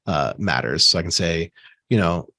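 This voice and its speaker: A man giving a relaxed screen-share software tutorial, talking casually with fillers and asides while he has the hiccups. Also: deep voice, normal speed, no echo, studio quality. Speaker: software trainer.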